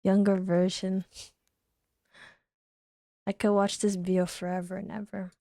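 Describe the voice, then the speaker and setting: A woman's voice: mid-range voice, little pitch movement, measured pace, creaky, warm tone, no echo, studio quality. A young woman streaming casually, giggly and tender, who swears offhandedly. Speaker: VTuber streamer.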